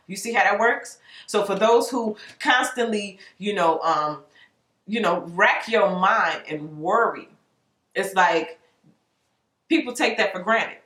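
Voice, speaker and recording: A woman's voice: mid-range voice, lively intonation, slow pace, a bit bright, reverberant. A woman giving a casual tarot reading, chatting to viewers and acting out little examples as she explains. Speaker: tarot reader.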